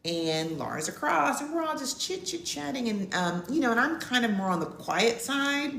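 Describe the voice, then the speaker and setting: Woman, middle-aged, podcast co-host, chatty storytelling, lively pitch, roomy echo. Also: moderate pace, gravelly, a little hiss or hum. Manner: animated, acts out quotes in a high voice. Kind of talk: casual storytelling. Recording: echoey room with faint ambience.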